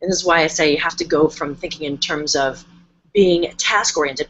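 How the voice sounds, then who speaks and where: A woman's voice: fairly low pitch, expressive, normal speed, husky, highs cut off. A woman hosting a casual live-stream talk as a coach, chatty and emphatic, often acting out her clients' voices. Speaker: host and coach.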